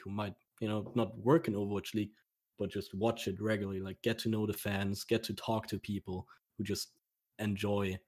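Earnest, rambling man with lowish voice. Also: a little mellow. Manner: earnest, rambling, many fillers. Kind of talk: casual podcast chat.

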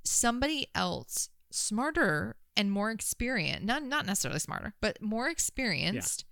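A woman's voice: medium pitch, sing-song, moderate pace, gravelly, sharp tone, no room sound, clean studio sound. A woman co-hosting a podcast in casual chat, reflecting on her own experience in a chatty way. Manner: reflective, storytelling, chatty with fillers. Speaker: podcast co-host, experienced real estate agent.

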